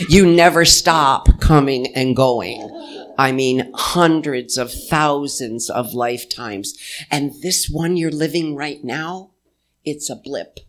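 Slow-paced folksy spiritual speaker, conversational, pauses to let ideas land. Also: medium pitch. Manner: folksy, uses "y'all". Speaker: inspirational speaker. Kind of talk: spiritual talk to a live audience.

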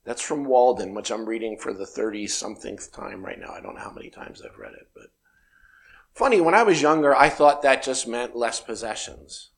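A man's voice: medium pitch, expressive, moderate pace, creaky. Reflective man in his fifties. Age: 50s. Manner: meandering, reflective, acts out dialogue. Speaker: spiritual speaker. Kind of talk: reflective spiritual talk.

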